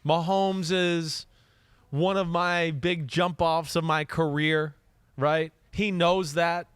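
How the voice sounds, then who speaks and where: A man from northern New Jersey co-hosting a football podcast, loud and excitable, laughing often in casual chat. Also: a little high, takes it slowly, clean tone, dry recording. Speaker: co-host, former quarterback.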